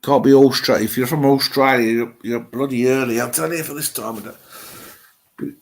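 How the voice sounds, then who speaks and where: Gravelly middle-aged Midlands man. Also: medium pitch, fairly even intonation, normal speed. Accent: English Midlands. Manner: rambling, chatty, thinks aloud with fillers. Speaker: live-stream host. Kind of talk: casual live-stream chat, answering viewer comments.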